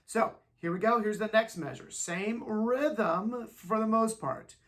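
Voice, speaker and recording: A man's voice: high voice, takes it slowly, a bit bright. A male music teacher, recording on his phone, walks students through rhythms by chanting the counting syllables aloud, casual and encouraging. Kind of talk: online band lesson. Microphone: phone recording himself.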